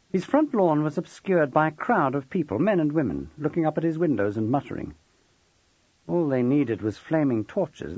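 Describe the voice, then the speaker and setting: Husky, expressive male audiobook narrator. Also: medium pitch, no echo, highs cut off. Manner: expressive storytelling. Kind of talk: scripted narration.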